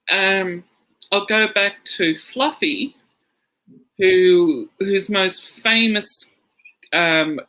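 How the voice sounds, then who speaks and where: A man's voice: sits high, extremely slow, long pauses, sharp tone, low-quality recording. A man co-hosting a podcast, rambling through anecdotes in casual chat and laughing as he goes. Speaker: podcast co-host.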